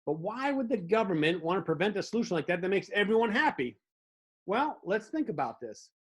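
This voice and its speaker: A man's voice: high voice, very animated, a little fast, slightly rough. A man hosting a comedic monologue, telling wry stories with little mock dialogues. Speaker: host.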